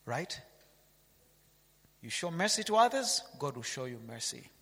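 Animated male preacher in a reverberant hall. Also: mid-range voice, a little slow, husky. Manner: animated, rhetorical questions, reads scripture aloud. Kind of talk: sermon.

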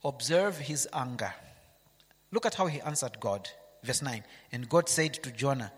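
A man's voice: mid-range voice, lively intonation, moderate pace, breathy edge, long reverb tail. A man preaching a sermon, reading scripture aloud and asking his listeners rhetorical questions.

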